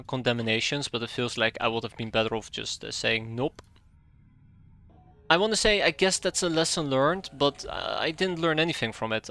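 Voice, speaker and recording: A man's voice: mid-range voice, vocal fry, bright, forceful tone. A young man streaming a strategy game live, giving sarcastic, exasperated running commentary and muttering through his calculations.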